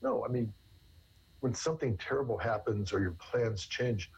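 A man's voice: medium pitch, normal speed, darkish tone, slight background noise. A man, a therapist, answering interview questions at length in a rambling way, often restarting with repeated words. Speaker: therapist guest. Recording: dull lo-fi recording.

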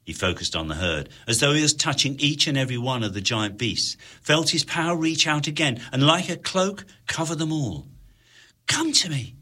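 Husky, expressive male narrator. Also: fairly high pitch, moderate pace, few pauses. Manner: expressive, dramatic storytelling. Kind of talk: audiobook narration.

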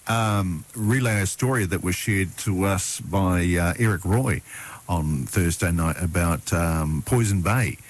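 A man's voice: low voice, a little slow. A man hosting a radio show, chatting casually in a playful, lightly joking way.

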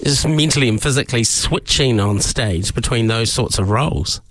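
A man's voice: mid-range voice, moderate pace, a bit bright, no echo. A man interviewing a stage actor and asking encouraging questions.

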